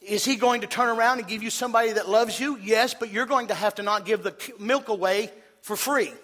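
A man preaching a sermon to his congregation, emphatic, swinging from shouting peaks to low, intense passages. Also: brisk. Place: church sanctuary.

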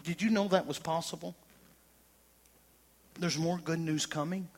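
A male pastor preaching a sermon, swinging from loud emphatic declarations to hushed, intimate tones. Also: on the high side, fairly even intonation, a little slow.

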